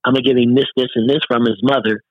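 Middle-aged male guest, earnest and chatty, mid-pitched voice, dry slightly dull recording. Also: flat delivery, racing, no room sound. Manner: earnest, peppers speech with "man". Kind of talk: casual interview talk.

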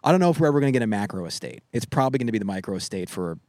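A man's voice: lowish voice, sing-song, very fast, darkish tone, no room sound. Rambling casual man on a podcast. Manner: rambling, laughing, swearing freely. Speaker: podcast co-host. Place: backyard. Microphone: handheld microphone.

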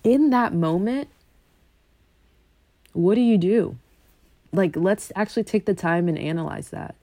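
A young woman from a Congolese family, talking casually and animatedly, swinging from loud bursts to low asides. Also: unhurried, dry recording. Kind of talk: casual monologue.

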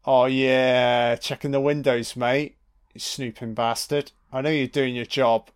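A man's voice: mid-range voice, little pitch movement, unhurried, smooth. A man giving casual, sweary commentary on a film, talking back to the characters on screen. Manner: sweary, mocking asides to the screen.

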